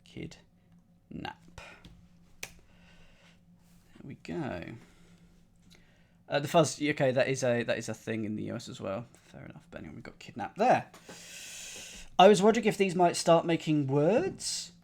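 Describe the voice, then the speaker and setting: A man streams himself working through a crossword, thinking aloud as he goes. His voice swings up and down in a lively way, and he shifts between playful asides and quiet muttering to himself. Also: fairly high pitch, a little fast, gravelly. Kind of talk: live-stream puzzle solving, thinking aloud.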